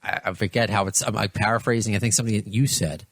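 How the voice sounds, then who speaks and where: A man hosting a podcast interview, asking questions in a halting way with many restarts. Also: on the low side, fairly even intonation, dry recording, studio quality. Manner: hesitant, many restarts, laughs along. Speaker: podcast host. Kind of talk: casual interview.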